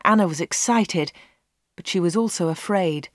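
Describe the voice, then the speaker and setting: A woman reading a storybook aloud as narrator, slow and clear, voicing the dialogue. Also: on the low side, no room sound, studio quality.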